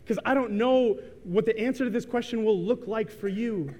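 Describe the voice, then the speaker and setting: A man's voice: high-pitched, moderate pace, a little mellow, muffled recording. A man in his thirties preaching a sermon in a church, telling a story casually with lots of ums and likes. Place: church sanctuary. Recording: reverberant church hall.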